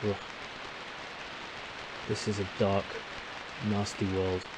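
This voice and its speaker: A man commentating a game, reading its text aloud with relaxed asides. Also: lowish voice, takes it slowly, very noisy. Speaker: gameplay commentator.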